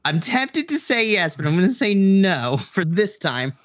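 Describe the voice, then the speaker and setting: A man's voice: sits high, sing-song, unhurried, a bit bright, no echo, clean studio sound. A man running a tabletop game, chatty and laughing often as he explains his rulings. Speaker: game master.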